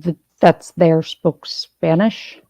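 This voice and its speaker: A woman's voice: low-pitched, fairly even intonation, slow pace, dark tone, dry recording. A woman host in casual chat, telling a rambling story full of restarts. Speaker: channel host.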